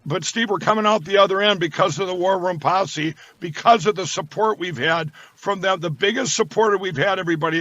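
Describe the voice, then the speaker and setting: A man talking as a guest, rambling and repeating words as he slips into a sales pitch. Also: pushed and bright, no echo. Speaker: guest, company founder. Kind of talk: casual talk with sales pitch. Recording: dull lo-fi sound.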